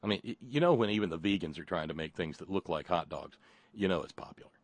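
Talk radio host, male, low voice, sardonic rambling, dry studio sound. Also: lively intonation, quick pace, no room sound. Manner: rambling, sardonic, stammering restarts.

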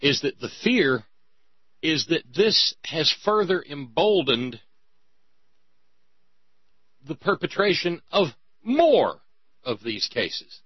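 Man, husky, pitch rises and falls, emphatic, stammering, dull dry sound. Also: very animated, takes it slowly, long pauses, no room sound. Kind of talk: heated conversation.

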